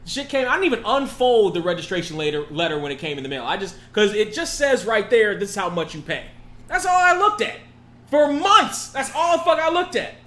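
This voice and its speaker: Man, podcast co-host, laid-back storytelling, high lively voice, echoey room. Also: fairly quick. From California. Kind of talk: casual chat.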